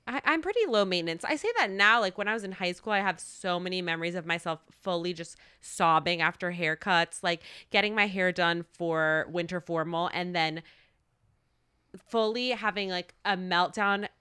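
A young woman guest on a podcast, chatting casually and telling animated stories, acting out other people's lines. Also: fairly low pitch, moderate pace, clean tone, dry recording, clean studio sound. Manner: animated storyteller, acts out quotes. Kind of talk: casual chat.

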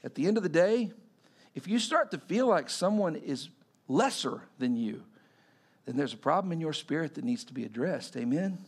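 A man's voice: a little high, moderate pace, breathy edge. A man preaching a sermon, telling stories and acting out the quotes in them. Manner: animated storytelling, acting out quotes.

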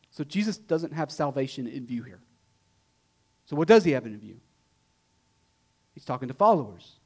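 Guy preaching a sermon, kinda high voice, chatty, keeps asking right? and repeating stuff for emphasis. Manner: conversational preaching with rhetorical questions; emphatic repetition. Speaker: pastor.

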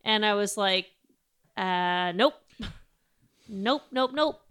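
A woman with a smooth, clear voice chatting casually. She tells her story bluntly and irreverently, without softening anything. It sounds like loose podcast banter. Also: mid-range voice, lively intonation, takes it slowly. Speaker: actress and podcast co-host. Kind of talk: casual chat.

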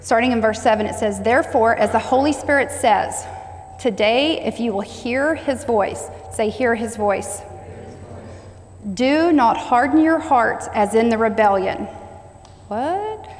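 A woman with a fairly high voice preaches a sermon in call-and-response style. She repeats key phrases and has the congregation say them back. Her voice rings with a long hall reverb. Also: measured pace.

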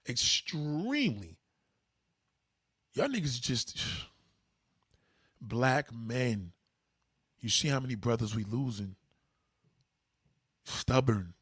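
A man's voice: slightly rough, no echo, clean studio sound. A man hosting a livestream, giving blunt, profane advice to his viewers in a casual, preachy way. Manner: mimics others in higher pitch. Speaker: livestream host.

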